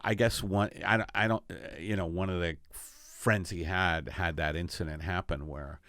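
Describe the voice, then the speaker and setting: A man hosting a comedy podcast in casual chat, animated, jumping from loud exclamations to low mutters. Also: normal speed, no echo, studio quality. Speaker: podcast host.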